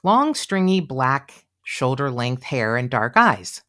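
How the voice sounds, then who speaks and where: A podcast co-host walks through a true-crime case in loose, conversational talk. The voice sits at a middle pitch and gets animated, slipping into quoted voices with plenty of "you know" along the way. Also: slow pace. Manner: animated, chatty, acts out quotes, many fillers. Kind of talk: casual true-crime storytelling.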